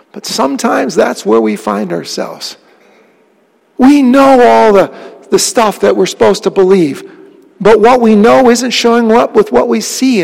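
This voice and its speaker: A pastor with a high, gravelly voice preaches to his congregation in an earnest, conversational way. He keeps asking his listeners questions and often sinks into a soft, low tone. His words ring out with the long reverb of a church hall. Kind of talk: sermon.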